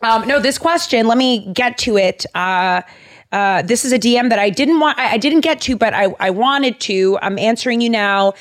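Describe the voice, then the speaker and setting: A woman's voice: a little high, moderate pace. A woman hosting a podcast in casual chat, giggly and gushing, with many fillers, recorded in a studio. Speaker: podcast host. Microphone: studio microphone.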